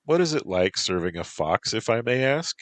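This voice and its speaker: A man's voice: on the low side, sing-song, moderate pace, voice pushed up. A man voicing an earnest, polite young man who serves a princess.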